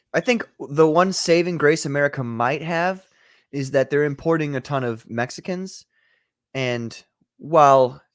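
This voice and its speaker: A man's voice: medium pitch, no room sound. Give me a young man hosting a joking livestream chat, recorded dry and close. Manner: loose and joking, reads viewer comments. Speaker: show host.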